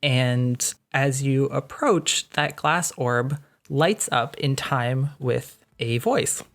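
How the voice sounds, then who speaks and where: Slow, low-voiced woman game master. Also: steady tone. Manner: slow, descriptive narration with casual fillers. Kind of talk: narrating a tabletop game.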